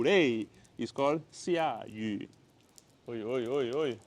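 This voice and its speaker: A man's voice: medium pitch, slow pace. Man, Malaysian English accent, playful casual teacher; spontaneous handheld-camera feel by a house door. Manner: chatty, playful, repeats words. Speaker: language teacher. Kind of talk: casual outdoor language lesson. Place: by the door of a house, outside in the rain.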